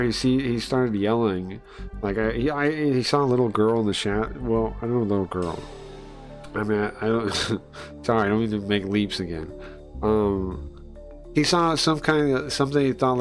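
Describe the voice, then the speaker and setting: A man casually commenting while he plays and reads through a story game, chatty and easily excited, thinking aloud with many pauses. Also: lowish voice. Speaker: streamer playing and reading a story game. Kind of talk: casual live-stream commentary.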